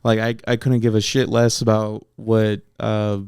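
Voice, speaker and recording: A man in a casual interview, telling his story bluntly with plenty of swearing. His voice is smooth and clear, recorded close and dry with no room sound. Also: lowish voice, flat delivery, unhurried, a little mellow, no echo. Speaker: battle rapper guest.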